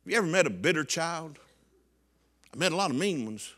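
A middle-aged man preaching a sermon, swinging from loud shouts down to quiet, hushed lines. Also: on the high side, expressive, a little fast. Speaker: pastor.

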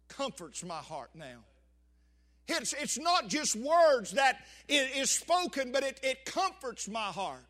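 High bright older preacher. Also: male voice, sing-song, takes it slowly. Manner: impassioned preaching with emphatic swells and drops. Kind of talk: sermon.

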